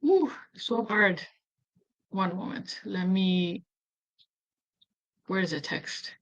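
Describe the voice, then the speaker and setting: A woman's voice: medium pitch, expressive, drawn-out words. A woman with an Ethiopian accent, a native Amharic speaker, hosting a casual screen-recorded tutorial, thinking aloud and getting flustered with herself. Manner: thinking aloud, self-deprecating, easily flustered. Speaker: activist tutorial host.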